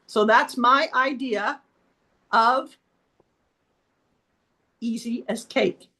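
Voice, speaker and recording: Slow-speaking woman giving an impromptu talk. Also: on the high side, bright, forceful tone. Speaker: meeting participant. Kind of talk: impromptu speech.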